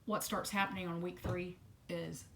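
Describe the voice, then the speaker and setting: A woman speaking unscripted to camera about a personal ordeal, halting with many restarts and repeated words and blunt swearing, while still detoxing from medication. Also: fairly low pitch, flat delivery, noisy background. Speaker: vlogger sharing a personal story.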